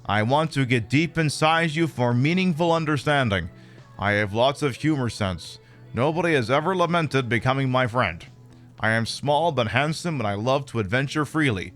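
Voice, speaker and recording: A man voicing an earnest young man seeking pen friends, slow and solemn. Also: medium pitch, animated, fairly bright tone, soft background music, pitched above the performer's own voice, natural voice.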